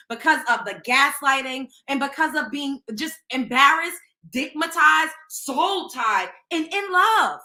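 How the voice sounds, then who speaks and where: A woman host giving casual reaction commentary, blunt and profane, with a lot of feeling in it. Her voice sits high and sounds bright and sharp. The room around her is echoey. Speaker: show host.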